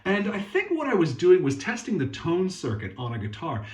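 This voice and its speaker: A man's voice: high-pitched, wildly swooping pitch, normal speed, darkish tone, reverberant, highs cut off. A man hosting a guitar workshop channel, talking in a casual, sweary, sarcastic and rambling way. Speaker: guitar technician and channel host. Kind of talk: casual ranting demo.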